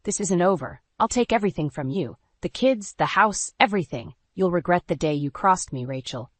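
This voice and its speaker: A menacing, vengeful husband, as a woman narrator puts him on in a dramatic audio story. The threats come through low and snarling, in a close, dry sound. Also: expressive, moderate pace, no echo. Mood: threatening. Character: menacing adult man, abusive husband, vengeful.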